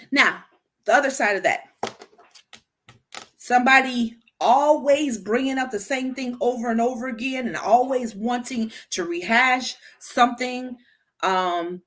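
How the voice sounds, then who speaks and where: Speaking straight to her audience, a female podcast host chats casually about healthy communication in a high-leaning voice. Her delivery is animated but stumbling, with frequent restarts and repeated words.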